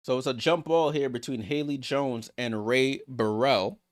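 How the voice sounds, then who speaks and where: A man hosting a live watchalong stream, calling basketball play-by-play and reacting excitedly to each play. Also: mid-range voice, unhurried. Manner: excitable, rattles off passes, reacts aloud. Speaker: watchalong host.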